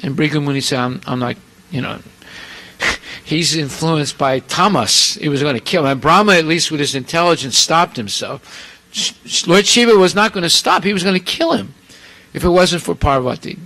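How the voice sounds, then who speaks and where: A male preacher telling scripture stories in an animated sermon, acting out the characters with asides to the audience. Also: fairly high pitch, moderate pace, poor audio. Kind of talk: storytelling sermon.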